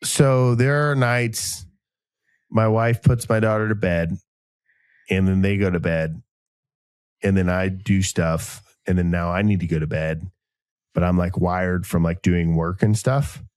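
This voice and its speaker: A man's voice: low voice, a little slow, smooth, no echo, studio quality. A man co-hosting a podcast, telling rambling, jokey stories in a casual chat. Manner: rambling, jokey, animated storytelling. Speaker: podcast co-host.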